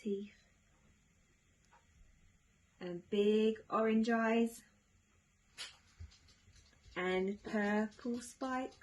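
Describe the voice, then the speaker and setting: A woman teaching young children, drawing and retelling a story in a gentle sing-song way with many tag questions. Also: on the high side, rough recording. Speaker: nursery teacher.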